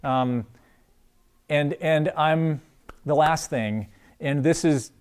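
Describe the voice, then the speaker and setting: A man leading an informal church group discussion, talking earnestly with many pauses and restarts, then closing in prayer. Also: fairly high pitch, darkish tone, smooth.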